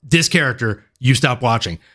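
A man's voice: medium pitch, expressive, moderate pace, a bit bright, soft background music. A man hosting a casual interview, laid-back and enthusiastic, laughing often. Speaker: podcast host, interviewer.

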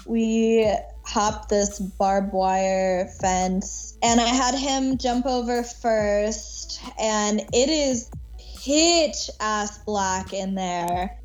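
A woman guest in a casual interview telling a long story, animated, laughing often and swearing casually. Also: mid-range voice, rough recording. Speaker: podcast guest.

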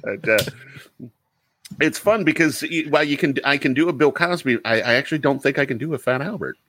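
A man playing as a contestant in a casual podcast quiz game, hesitant and excitable, full of fillers. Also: a little high, a little fast, no room sound.

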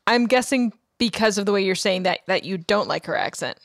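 A woman co-hosting a podcast in casual chat, recapping a plot in detail with quick asides. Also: medium pitch, animated, creaky, no echo. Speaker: podcast co-host.

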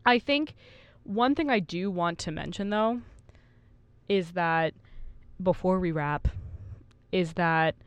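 A woman's voice: lowish voice, takes it slowly, long pauses, clean tone, dry recording. A woman in her twenties co-hosting a casual podcast, reading study findings aloud and laughing at her own slips. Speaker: podcast co-host.

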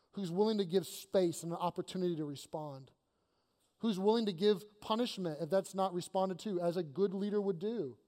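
A pastor preaching an emphatic, energetic sermon to his congregation, repeating phrases for emphasis. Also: high-pitched. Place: church sanctuary. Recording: long reverb of a church hall.

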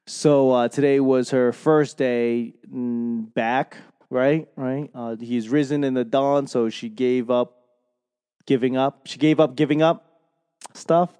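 Boston guy, slow unhurried delivery, smooth voice, long reverb around him, casual rambling monologue. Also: mid-range voice, fairly even intonation, warm tone. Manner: rambling, self-deprecating, swears freely. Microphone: microphone.

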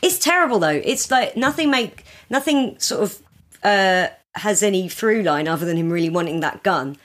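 A British woman, a comedian, joins a casual podcast chat as a guest, calling in remotely from across the ocean. Her medium-pitched voice has lively intonation at a moderate pace, and she laughs often and slips into comic impressions of film characters.

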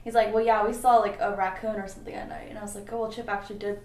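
A young woman co-hosting a casual podcast, chatty and quick to apologize for interrupting. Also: mid-range voice, flat delivery, a little mellow. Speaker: podcast co-host. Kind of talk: casual chat. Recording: echoey room, distant from mic, faint ambient noise.

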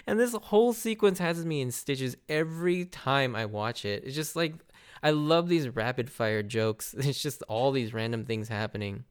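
A man giving a casual, animated recap of an anime arc, laughing often and acting out characters' lines. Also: medium pitch, a little slow, clear, resonant tone. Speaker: anime reviewer.

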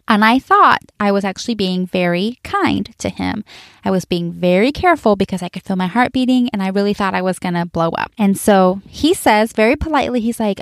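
A woman in her forties shares a story from home, candid and chatty, leaning on fillers and talking straight to her listeners. Her voice sits at a middle pitch, and the recording is dry and close with no room sound. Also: animated, normal speed, dry recording. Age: 40s. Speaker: podcast host.

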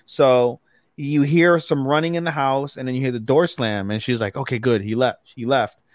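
A man's voice: mid-range voice, steady tone, normal speed, no room sound. Laid-back man with a dry close voice. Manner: swears often, recaps plots with quoted lines. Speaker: podcast co-host. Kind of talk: casual podcast chat.

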